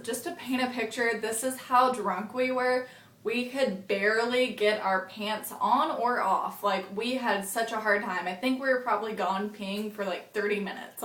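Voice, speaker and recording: A woman's voice: mid-range voice, fairly bright tone. A young adult woman telling a rambling casual story as a vlogger, full of "like" fillers and swearing. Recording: echoey room.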